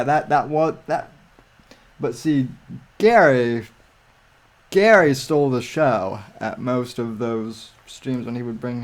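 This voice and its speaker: A man chatting slowly and loosely on a live stream, stumbling through restarts and fillers as he goes. His pitch sits in an ordinary middle range. He sounds like a regular host talking over a video call. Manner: rambling, many restarts and fillers. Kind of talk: casual stream chat.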